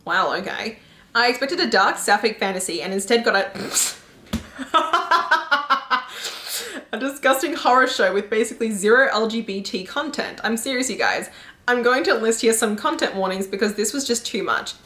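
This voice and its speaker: A young woman reacting to book reviews in a casual, animated, exclamatory way, laughing often and swearing casually. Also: on the high side, normal speed. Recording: echoey room.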